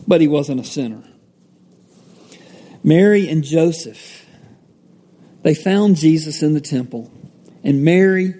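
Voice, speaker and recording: Mellow-voiced man preaching in an echoey hall. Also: a little high. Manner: conversational, with fillers and self-corrections. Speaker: pastor. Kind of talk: sermon, Bible teaching. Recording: echoey hall with long reverb.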